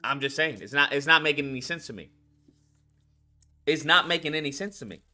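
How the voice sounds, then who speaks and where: A man's voice: a little high, a little fast, pushed and bright, faint music behind. A man hosting a live stream, ranting in a heated, mocking and profane way, taunting a viewer to call in.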